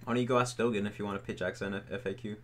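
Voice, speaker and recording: Speaking very fast with fairly even intonation, a young streamer answers questions from his chat in casual, rambling talk thick with fillers and "like"s. His voice is fairly low yet a bit bright, with slight background noise.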